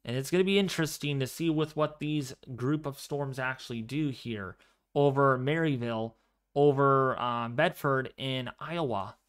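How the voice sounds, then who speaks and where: A man hosting a live severe weather stream, commenting excitedly on radar and storms and repeating his phrases. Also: medium pitch, normal speed, smooth. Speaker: livestream weather host.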